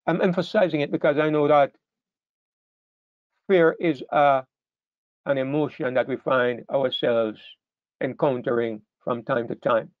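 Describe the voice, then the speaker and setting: A man's voice: mid-range voice, fairly even intonation, unhurried, pauses often, dry recording, narrow, tinny audio. A man preaching a sermon, emphatic, stressing key words and often repeating himself as he restarts phrases.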